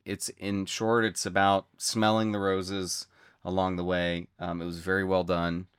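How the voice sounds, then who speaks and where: A man speaking casually as a podcast guest, halting and repeating words. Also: low-pitched, little pitch movement, clear, resonant tone, no echo, clean studio sound. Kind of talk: casual conversation.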